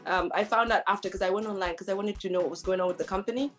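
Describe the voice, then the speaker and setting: A woman's voice: medium pitch, steady tone, rapid-fire, faint music behind. A woman co-hosting a talk show, telling stories in a chatty way and laughing often. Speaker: co-host. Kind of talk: casual chat.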